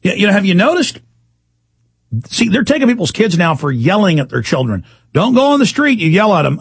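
A man hosting a call-in talk radio show, ranting and repeating himself, with sudden emphatic jumps in pitch. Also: sing-song, brisk, vocal fry, husky, no room sound.

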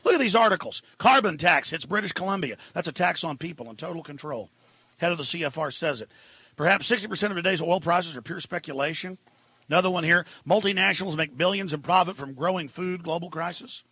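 A male radio host in a ranting political monologue, dropping to low mutters and then rising to shouts. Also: fast, husky, no echo.

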